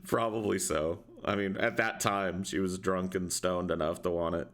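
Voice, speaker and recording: A man's voice: low-pitched, unhurried, a bit bright. A man co-hosting a podcast, telling a rambling, profane story in a casual way. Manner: profane, rambling, laughs often. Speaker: podcast co-host.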